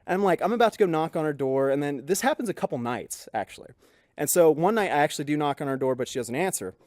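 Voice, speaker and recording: A man's voice: on the high side, animated, quick pace, darkish tone, no echo, studio quality. A man co-hosting a podcast, telling a story casually and acting out the people he quotes. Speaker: podcast co-host. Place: podcast studio.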